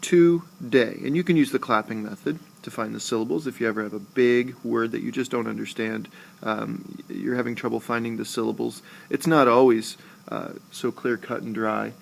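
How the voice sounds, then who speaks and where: A man teaching a recorded lesson, talking slowly and deliberately and saying example words aloud more than once. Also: medium pitch, steady tone, creaky. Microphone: screencast voice-over.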